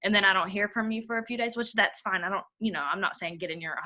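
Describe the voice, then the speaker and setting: A woman's voice: mid-range voice, quick pace, pushed and bright. A young woman, giving a rambling, blunt motivational training talk to her team. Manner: rambling, blunt, uses y'all.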